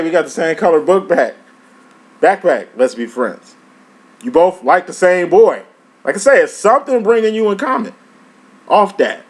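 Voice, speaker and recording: A man giving a casual tarot reading, profane and emphatic, full of streetwise slang. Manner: animated, pitch jumps up and down. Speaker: tarot reader.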